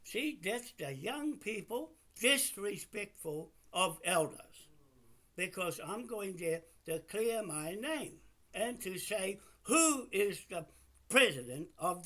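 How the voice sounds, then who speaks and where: A man's voice: sits high, sharp tone. An older man from New Zealand, recording himself on camera and arguing over the phone, insistent and repeating himself as he talks over the other caller. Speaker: video poster. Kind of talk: heated phone call on camera.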